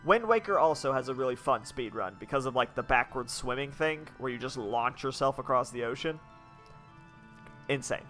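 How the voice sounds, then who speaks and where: A man's voice: medium pitch, fairly quick, sharp tone, soft background music. A young man chatting casually as he plays a game, rambling with lots of restarts. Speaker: game streamer. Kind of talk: casual let's-play commentary.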